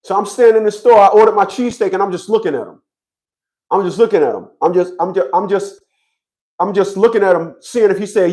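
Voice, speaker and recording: A man's voice: high-pitched, fast talker, a little mellow. A man giving a blunt, profane monologue to his viewers, often stammering and restarting his sentences. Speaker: online commentator on child support.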